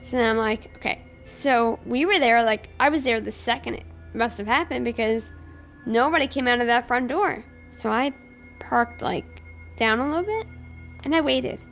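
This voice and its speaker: A woman's voice: fairly high pitch, normal speed, creaky, fairly bright tone, faint music behind. A woman streamer playing a police officer in a roleplay, animatedly recounting events and acting out both sides of the dialogue. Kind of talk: in-character roleplay storytelling.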